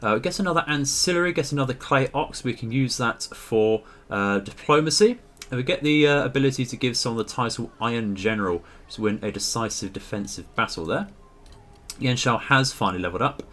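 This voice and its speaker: A man, hosting a gaming video and talking through a strategy game in a polite, measured way with frequent fillers. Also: mid-range voice, fairly bright tone.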